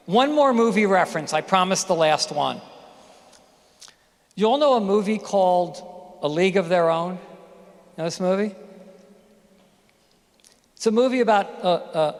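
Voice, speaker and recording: Man giving a graduation speech in a hall. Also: high-pitched. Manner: storytelling, addresses audience directly with questions. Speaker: commencement speaker. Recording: reverberant hall.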